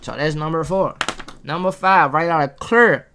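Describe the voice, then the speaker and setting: A man's voice: a little high, normal speed, sharp tone, slight background noise. Man, motivational vlog host, preachy, rhetorical questions, self-filmed at a table. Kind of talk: casual motivational talk to camera. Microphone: camera on a table.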